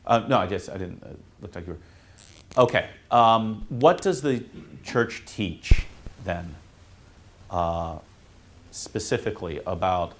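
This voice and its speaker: A man, a priest, teaching students in a classroom in a casual, halting way, with many fillers and restarts. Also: sits low, animated. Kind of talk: informal classroom talk.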